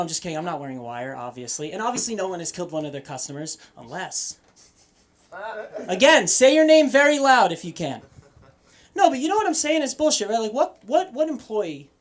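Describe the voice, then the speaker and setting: A young man from Boston working an open-mic stand-up set on a comedy club stage. His delivery is animated and profane, jumping between loud punchlines and quiet throwaway asides. His intonation rises and falls widely as he goes. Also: high-pitched, fairly quick.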